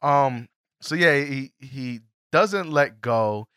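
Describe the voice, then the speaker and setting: A man co-hosting a podcast, recapping a TV episode in an animated, joking, crude way. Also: mid-range voice, takes it slowly, smooth, dry recording, clean studio sound. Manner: animated, laughing, crude jokes. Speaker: podcast co-host.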